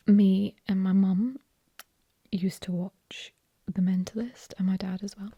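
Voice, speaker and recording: English girl doing whispered asmr chat, super dark mellow tone, dry close sound, bit sniffly, rambles. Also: medium pitch, dry recording. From England. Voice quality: breathy whisper. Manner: chatty, rambling, opinionated. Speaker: ASMR host. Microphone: ear-to-ear binaural mic.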